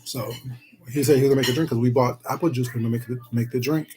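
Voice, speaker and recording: A man's voice: medium pitch, steady tone, very fast, background noise. A man live-streaming himself eating, chatting casually and greeting viewers in the chat with pet names like "baby" and "sweetheart".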